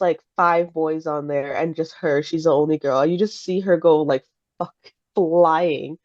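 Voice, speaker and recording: A woman, a mother, co-hosting a casual podcast chat, blunt and animated and laughing often. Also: lowish voice, dry recording, lo-fi sound. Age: adult parent. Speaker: podcast co-host.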